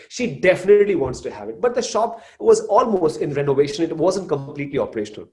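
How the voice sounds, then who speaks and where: A man's voice: fairly high pitch, a little mellow. A man, giving a live motivational talk and addressing the audience directly. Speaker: motivational speaker.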